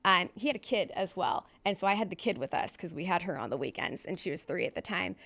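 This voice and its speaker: A woman's voice: fairly low pitch, expressive, quick pace, creaky, fairly bright tone. Blunt, candid woman telling her story. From Southern California. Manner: candid, blunt storytelling with frequent swearing and fillers. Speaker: podcast guest. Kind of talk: personal recovery story.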